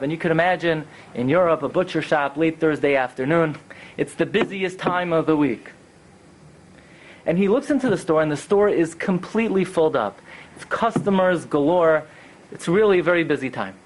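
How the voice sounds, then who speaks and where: Animated high-voiced rabbi telling a story. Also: male voice, slight background noise. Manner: animated storyteller acting out quoted characters. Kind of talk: storytelling talk.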